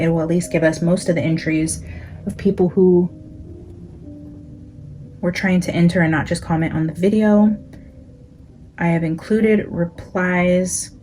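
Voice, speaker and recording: Woman, Californian accent, lower pitch, mellow tone, casual chatty psychic host, faint background noise. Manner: chatty, talks straight to viewers as "guys". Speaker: psychic tarot reader and channel host. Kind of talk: casual chat with viewers and spoken prayer.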